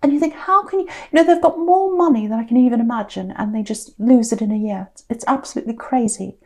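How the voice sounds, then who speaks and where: Mellow woman thinking aloud. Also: a little high, fast talker. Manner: musing, thinks aloud with frequent restarts. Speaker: tarot reader. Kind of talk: casual tarot reading to camera.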